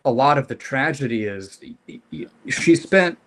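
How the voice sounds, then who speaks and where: A man co-hosting a casual podcast, talking through a comic's story in a measured, analytical way with some hesitations. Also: mid-range voice, animated, a bit bright. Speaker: podcast co-host. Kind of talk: casual comic book discussion.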